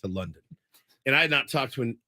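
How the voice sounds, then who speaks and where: A male sports radio host in casual chat, an animated storyteller who laughs easily. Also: mid-range voice, fast, crowd noise.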